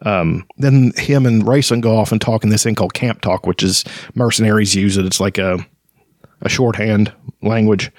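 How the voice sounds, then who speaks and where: A man casually talking through a fantasy novel, rambling and halting with many fillers, sometimes reading passages aloud. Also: lowish voice, no echo. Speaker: podcast host discussing a fantasy novel. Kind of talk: casual book discussion with read-aloud passages.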